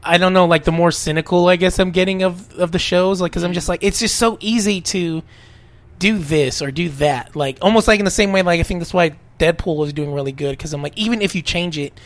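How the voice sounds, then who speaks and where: A man co-hosting a casual podcast, rambling and animated with plenty of fillers. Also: high voice, fairly quick. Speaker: podcast co-host.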